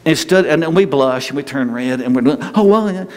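Folksy pastor in a reverberant hall. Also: male voice, medium pitch, brisk. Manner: folksy, joking asides with the congregation. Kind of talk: conversational sermon. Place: church sanctuary with congregation. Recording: long hall reverb, faint ambient noise.

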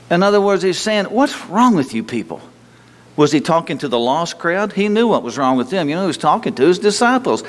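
Man, pastor, folksy sermon, slightly high voice, reverberant sanctuary. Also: expressive, moderate pace. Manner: folksy, conversational preaching with rising bursts of exhortation. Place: church sanctuary. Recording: long reverb of a church hall.

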